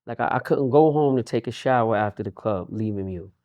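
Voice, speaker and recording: A man's voice: lowish voice, fairly quick, dark tone, no echo, dull audio. A man, a union leader talking in a casual interview, streetwise and repeating words for emphasis. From Queens, New York.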